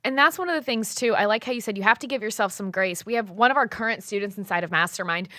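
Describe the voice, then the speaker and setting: A woman co-hosting a casual podcast, telling stories animatedly and quoting others in lively voices. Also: mid-range voice, fast talker, no echo, clean studio sound.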